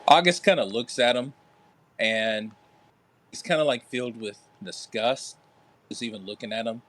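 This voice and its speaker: A man's voice: medium pitch, moderate pace, fairly bright tone. A man playing a tabletop game, describing his character in a laid-back, hesitant way. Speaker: player.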